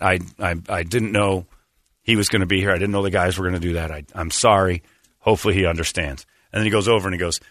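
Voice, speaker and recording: A man's voice: fairly low pitch, fast talker, no room sound, studio quality. A man hosting a radio show, telling rambling stories in casual banter and acting out what people said. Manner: rambling, animated, acts out quotes.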